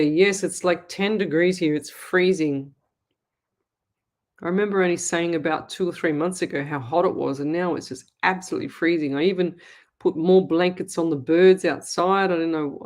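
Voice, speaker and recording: A middle-aged Australian woman hosting a live psychic show, chatting and reading viewer comments aloud in a warm, chatty way. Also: lowish voice. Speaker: psychic medium show host.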